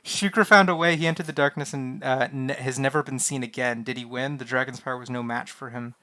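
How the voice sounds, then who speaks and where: A man with a medium-pitched voice, talking fairly quickly, streams a text adventure game. He reads its lines aloud and reacts in an animated way, swearing as he goes.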